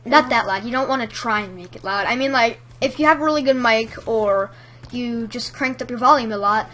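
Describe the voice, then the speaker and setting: A woman's voice: a little high, brisk, a bit bright. A woman giving casual tutorial tips in a chatty, rambling way, full of fillers. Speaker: YouTube commentator giving tips.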